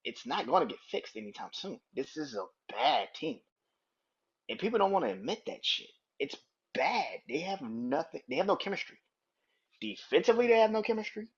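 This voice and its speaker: Heated profane sports podcast host, husky. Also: male voice, fairly high pitch, very animated, moderate pace, highs cut off. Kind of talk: sports opinion rant.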